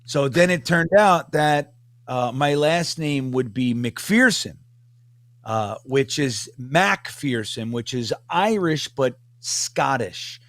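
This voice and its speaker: A man's voice: medium pitch, expressive, takes it slowly, a bit bright, dry recording. Joking Northeast Italian-American man. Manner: rambling, profane, joking. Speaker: podcast panelist. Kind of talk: casual chat.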